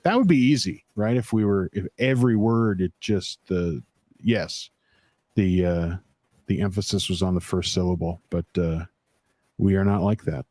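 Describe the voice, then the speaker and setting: Male co-host with a lowish voice, rambling and halting through casual stream chat. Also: darkish tone, no room sound. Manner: rambling, halting with many fillers.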